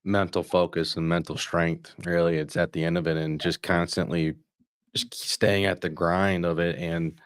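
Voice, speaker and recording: A man from Michigan's Upper Peninsula hosting a podcast, talking with a guest in a measured, earnest way. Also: deep voice, flat delivery, smooth, dry recording, studio quality. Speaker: podcast host. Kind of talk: casual interview chat.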